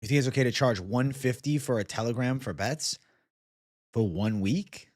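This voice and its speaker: A man's voice: medium pitch, moderate pace, a little mellow, dry recording, clean studio sound. A man hosting a casual live chat, bantering loosely and profanely with viewers. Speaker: livestream host.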